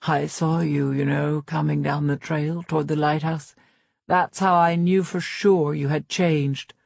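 A woman's voice: deep voice, fairly even intonation, measured pace, gravelly, a little mellow, no echo, studio quality, exaggerated voice. A woman reading a wheezing, wounded psychologist. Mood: delirious. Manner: probing, clinical questioning. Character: gravely injured woman psychologist, wheezing and delirious.

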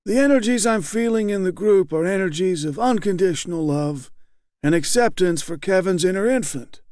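A man voicing a round male support-group leader with a high, hoarse voice who talks in a bland, didactic way, as if to a slow child. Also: expressive, a little mellow, no room sound, studio quality. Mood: soothing. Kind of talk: audiobook character reading.

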